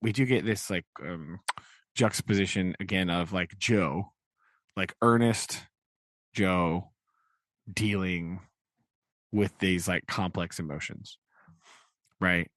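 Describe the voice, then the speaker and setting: Rambling low-voiced man, dry mic. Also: slow, pauses often, a bit bright, no echo. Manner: rambling, full of "like" and "right?"; acts out quotes in changing voices. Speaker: podcast co-host. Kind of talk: casual book discussion.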